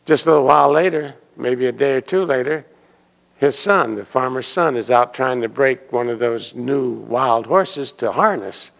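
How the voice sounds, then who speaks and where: A man giving a Sunday sermon as a minister, telling stories and acting out the characters' excited voices. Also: mid-range voice, vocal fry. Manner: animated storyteller, acting out excited quoted voices. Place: church hall. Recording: long hall reverb.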